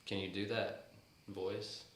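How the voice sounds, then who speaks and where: Brief: deep-voiced young male podcast host, joking and teasing, echoey room with faint hiss. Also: flat delivery, slow. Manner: joking, teasing, laughs easily. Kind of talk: casual chat.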